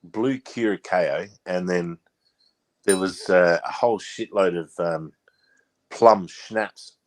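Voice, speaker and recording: A man's voice: sits low, slow pace. A man from Australia telling rambling, swear-filled party stories in casual chat. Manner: swears freely, rambling anecdotes.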